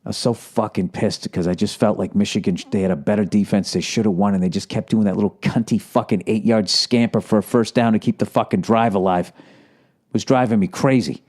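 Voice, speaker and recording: A man's voice: lowish voice, fairly even intonation, a little fast, a little mellow. A man hosting a solo podcast, ranting about sports in a profane, sarcastic way. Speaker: podcast host.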